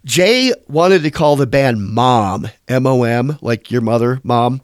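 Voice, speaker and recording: A man in his fifties, a musician telling casual stories in an interview, with a middle-pitched voice. He rambles, swears freely and drops into other people's voices as he goes. The recording is dry and close, with no room echo. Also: animated, measured pace. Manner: rambling, profane, slips into quoted voices.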